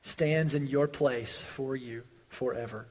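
A man preaches in a slightly husky voice, earnest and emphatic, pushing his volume up on pleas and letting it sink on sober points. He speaks in a church sanctuary, and long reverb trails after his words. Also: fairly even intonation, slow. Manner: earnest preaching, swells loud on pleas and drops low on warnings. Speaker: pastor. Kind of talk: sermon.

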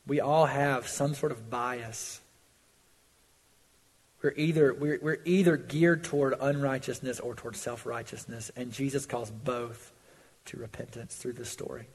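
Male pastor, sermon, husky voice, earnest preaching, swells and drops in volume, church sanctuary, long hall reverb. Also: steady tone, unhurried. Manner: earnest preaching, swells loud on pleas and drops low on warnings.

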